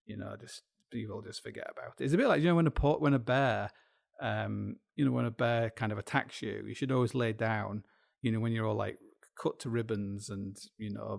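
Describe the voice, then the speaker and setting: A man's voice: on the low side, vocal fry. A middle-aged man with a Yorkshire accent hosting a podcast, musing in a meandering, self-deprecating solo monologue full of restarts and asides. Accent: Yorkshire English. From Yorkshire, England. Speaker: podcast host.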